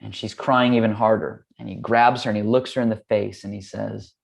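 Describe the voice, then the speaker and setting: A man's voice: on the low side, fairly even intonation, brisk, creaky, hardly any pauses, breathy edge. A man from the United States, a yoga teacher, telling a personal story in a candid, casual way with loose fillers.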